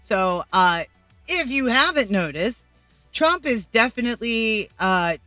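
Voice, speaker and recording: A brash middle-aged woman from Colombia runs a casual opinion vlog, swearing freely and speaking bluntly. Her voice is bright and somewhat high, and it sounds close and dry. Faint music plays behind her. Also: sing-song, slow pace, dry recording. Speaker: YouTube vlogger.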